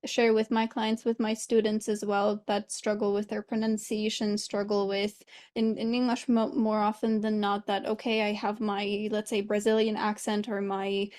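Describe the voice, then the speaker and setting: A woman's voice: mid-range voice, flat delivery, normal speed, few pauses, a little mellow. A woman host and language coach, talking casually in an interview with an earnest, reflective manner. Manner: reflective, earnest, thinks aloud at length.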